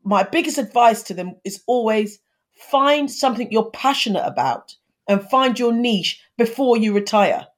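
A woman's voice: fairly high pitch, expressive, moderate pace. Earnest woman in her fifties giving advice. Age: 50s. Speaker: guest. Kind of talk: conversational interview.

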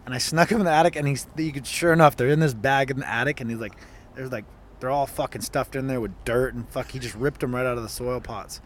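A man co-hosting a podcast, telling an animated story in casual chat with lots of swearing. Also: mid-range voice, fast, slight background noise. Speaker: podcast co-host.

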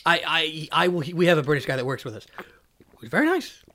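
Halting, self-mocking man co-hosting. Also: on the high side, very animated, sharp tone. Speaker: podcast co-host. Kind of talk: casual comedic chat.

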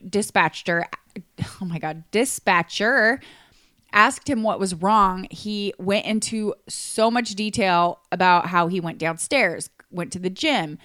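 A woman's voice: medium pitch, slow pace, a bit bright, no room sound, clean studio sound. A woman casually recounting a true crime case on a podcast, chatty, with lots of restarts and fillers. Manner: chatty, many likes and restarts. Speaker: podcast co-host.

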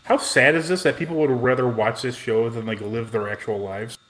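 A man's voice: mid-range voice, fairly even intonation, a little fast, crowd noise. A man co-hosting a casual podcast, sarcastic and profane, mocking the stories he reads with exaggerated quotes. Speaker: podcast co-host.

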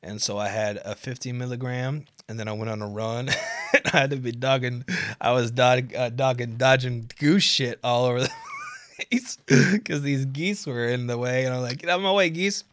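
A man's voice: mid-range voice, huge pitch swings, normal speed, a bit bright. A man hosting a podcast, stoned and rambling casually, swearing and laughing through his sentences. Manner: giggly, profane, laughs mid-sentence. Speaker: podcast host.

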